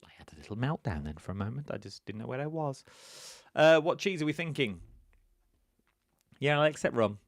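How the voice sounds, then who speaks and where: A man's voice: mid-range voice, lively intonation, brisk, gravelly, no echo, studio quality. A man hosting a live-streamed quiz, reading out viewers' answers by name and joking about his own pronunciation in a playful, chatty way. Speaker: quiz host.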